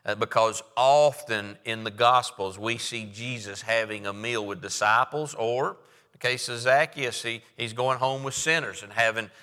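A man delivers a sermon in a measured, deliberate way, pausing on "uh" as he reads and explains scripture. His voice is bright and forward. It rings with the long reverb of a large hall. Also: mid-range voice. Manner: measured preaching with frequent "uh" fillers, reading scripture aloud. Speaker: preacher.

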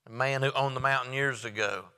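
A man preaching a sermon, telling folksy stories and rising to loud, emphatic lines. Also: mid-range voice, fairly even intonation, a little fast, clear, resonant tone, big-room sound.

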